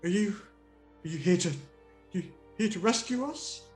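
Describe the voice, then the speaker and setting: A man voicing a timid male turtle creature who stammers and turns dreamy and slow, in a tabletop game. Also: high voice, big pitch swings, a bit bright, soft background music, voice pushed up, exaggerated voice. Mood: terrified. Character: timid male turtle-folk patient, dopey once sedated.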